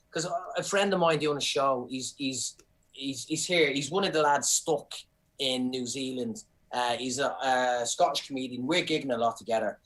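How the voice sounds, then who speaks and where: A middle-aged comedian from Ireland, appearing as a guest, tells stories in casual chat, animated and sweary, often restarting his sentences. His voice is mid-range, and the audio quality is poor.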